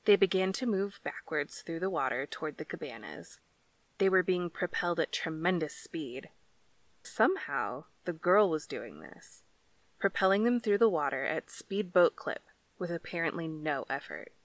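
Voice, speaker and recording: A woman narrating a story in a measured, deliberate reading style. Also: fairly low pitch, expressive, no echo. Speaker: audiobook narrator.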